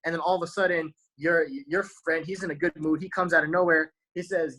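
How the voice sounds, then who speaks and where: A man's voice: a little high, fairly even intonation, a little fast, hardly any pauses, fairly bright tone, low-quality recording. A man giving a casual motivational talk to his viewers, using slang and tagging "right?" onto almost every point. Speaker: motivational speaker.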